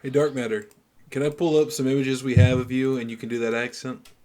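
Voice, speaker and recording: Guy cohosting a podcast, excited, stumbles over his words a bit. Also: mid-range voice, fairly quick. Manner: loose, enthusiastic, stammering restarts. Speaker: podcast co-host. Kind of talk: casual podcast chat.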